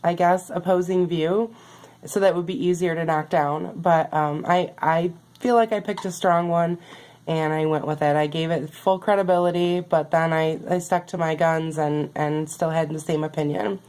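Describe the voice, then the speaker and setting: A young adult woman student giving a recorded class reflection, earnest and halting with many pauses, losing her voice. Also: lowish voice, fairly even intonation, a little mellow.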